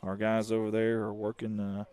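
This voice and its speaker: Male play-by-play announcer, folksy one-man commentary, excited on the calls. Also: lowish voice, normal speed, clear, resonant tone. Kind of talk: live high school baseball commentary.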